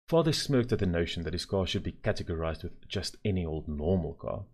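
Deep-voiced man reading a story. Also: very animated, brisk, few pauses, darkish tone, breathy edge. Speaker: narrator. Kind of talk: storybook narration.

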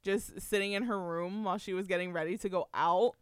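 Smooth-voiced woman telling family stories. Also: medium pitch, steady tone, a little fast, dry recording, clean studio sound. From Puerto Rican family on the US mainland. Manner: storytelling, laughs often. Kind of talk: casual chat.

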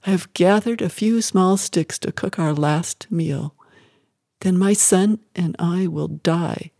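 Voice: mid-range voice, takes it slowly, vocal fry, dark tone, no echo, studio quality. A narrator voicing a poor, starving young widow and mother who speaks with a quaver. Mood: indignant. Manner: quavering, defensive. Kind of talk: audiobook character voice.

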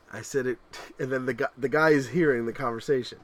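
A man in his thirties co-hosting a podcast, telling animated family stories in casual chat and laughing loudly at them. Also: mid-range voice, fast, few pauses. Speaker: podcast co-host.

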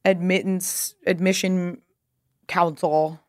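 A woman in her thirties from Pasadena, California, speaks in a lowish voice with flat delivery and a slow pace. As a guest and clothing brand founder in a casual interview, she tells stories in a chatty, rambling way, leaning heavily on "like" and swearing casually.

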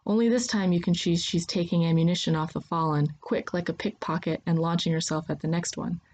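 A woman narrates a scripted second-person story in an even, steady storytelling manner. Her voice sits on the low side. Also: a little fast.

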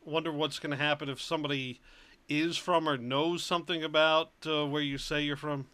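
A man's voice: a little high, steady tone, brisk, bright, forceful tone, smooth. A man from Rhode Island in casual chat, making dry, wry remarks.

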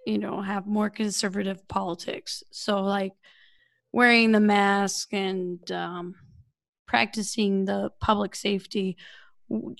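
A woman's voice: medium pitch, vocal fry, dry recording. A woman co-hosting a podcast, chatting loosely with lots of fillers and jokey put-on quotes. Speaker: podcast co-host. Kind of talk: casual podcast chat.

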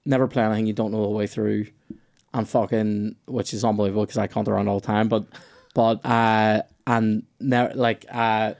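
A man's voice: fairly low pitch, little pitch movement, normal speed, gravelly, a little mellow. A man, a comedian hosting a podcast, telling a rambling story in casual chat, with lots of swearing and restarts.

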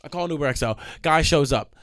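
A young man telling a profane, animated storytime rant, acting out the people in his stories. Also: a little high, fast, no echo, clean studio sound. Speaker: vlogger. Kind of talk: ranting storytime monologue.

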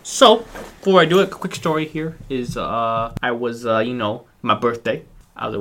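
A man's voice: medium pitch, fairly quick. A man co-hosting a casual podcast with friends, telling stories with jokes and swearing. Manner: joking, swearing, lively storytelling. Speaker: podcast co-host. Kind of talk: casual chat among friends.

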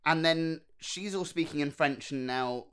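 A man co-hosting a casual podcast chat, retelling and critiquing a TV episode in a rambling, animated way. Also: a little high, measured pace, clean tone. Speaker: podcast co-host.

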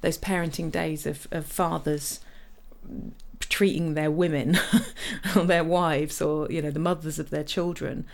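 Low-voiced chatty woman. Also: fairly even intonation, a little slow, vocal fry, a little mellow. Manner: chatty storyteller, frequent fillers and restarts. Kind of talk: casual chat.

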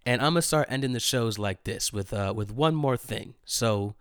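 A man in his thirties tells a story in a loose, slangy way at a middle pitch. He laughs often and repeats his lines for effect. The sound is dry and close. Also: normal speed, clean tone, dry recording. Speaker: host. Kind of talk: solo storytelling podcast.

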